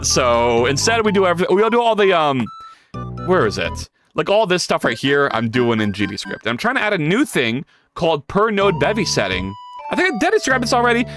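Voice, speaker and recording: Brief: male coding streamer, wildly lively pitch, slightly high, rambling and swearing, faint music underneath. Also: brisk. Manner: profane, rambling and jokey, with big pitch swings. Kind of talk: casual coding livestream chat.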